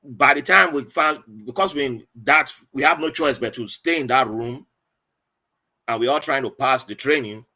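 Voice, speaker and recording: Man, 40s, podcast guest; bright, lively storyteller. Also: mid-range voice, moderate pace. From Nigeria. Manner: animated, acts out quoted voices.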